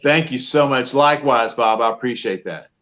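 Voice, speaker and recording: A man's voice: medium pitch, normal speed. A man talking casually as an interview guest on a muffled lo-fi line. He tells his stories with animation and plays out each side of the conversations he recalls. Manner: animated storyteller, acts out both sides of phone calls. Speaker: professional Santa Claus, guest.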